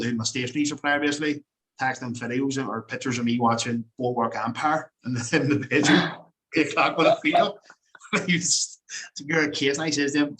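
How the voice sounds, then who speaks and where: A man's voice: mid-range voice, a bit bright, poor audio. A man hosting a podcast, chatting with energy and laughing often. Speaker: podcast host. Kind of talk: casual chat.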